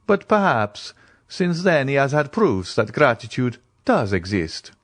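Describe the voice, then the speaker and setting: A man reading an audiobook voices a grave, reserved nobleman, speaking in measured tones. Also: medium pitch, big pitch swings, dry recording, voice pushed up. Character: grave, mysterious nobleman, restrained.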